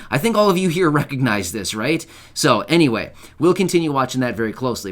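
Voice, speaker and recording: An earnest man speaks straight to his audience in a casual, heartfelt way. His voice sits in a middle pitch, and he loops back on his thoughts with plenty of fillers. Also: fairly bright tone. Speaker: channel host. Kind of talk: casual to-camera talk.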